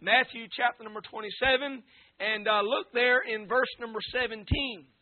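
A man preaching a sermon as a visiting preacher, reading scripture and praying, often rising to a shout. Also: very high voice, fairly even intonation, moderate pace. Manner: shouting preacher cadence, fervent. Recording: tinny phone-like recording.

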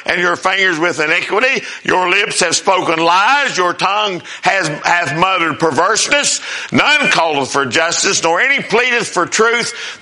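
High, bright-voiced preacher man. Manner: folksy storytelling preacher, swings between soft and loud. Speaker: pastor. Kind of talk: sermon.

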